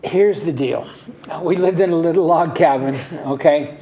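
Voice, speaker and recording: An older man talks through his memories at an unhurried conversational pace. His voice is dark and mellow, with an easygoing, anecdotal manner and an occasional chuckle. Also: on the high side. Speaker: interview guest. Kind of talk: casual storytelling interview.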